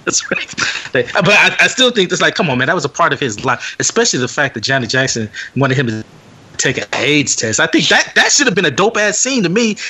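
A young man with a bright, forward voice tells a story in casual podcast chat. His pitch rises and falls a lot as he acts out what other people said, and he laughs often between lines. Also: very animated, a little fast, slightly rough. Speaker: podcast host.

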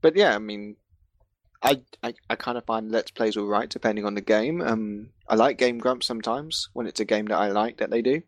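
A man's voice: lowish voice, a little fast, no room sound. A young man in a casual podcast chat, wry and a bit hesitant. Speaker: podcast co-host.

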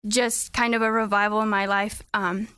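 A young adult woman speaking as a radio interview guest in an earnest, halting way with many ums, at a studio microphone. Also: mid-range voice, level tone, fairly bright tone, smooth, dry recording. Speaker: guest, student back from a mission trip.

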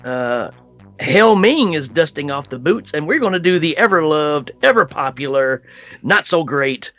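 A man guesting on a podcast, rambling and joking in a relaxed, casual way. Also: fairly high pitch, measured pace, dry recording, muffled recording, soft background music.

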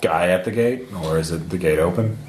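A man's voice: sits low, a little mellow. A man playing in a tabletop role-play session, joking between turns. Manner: joking, quick asides. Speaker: player. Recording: echoey room with faint noise.

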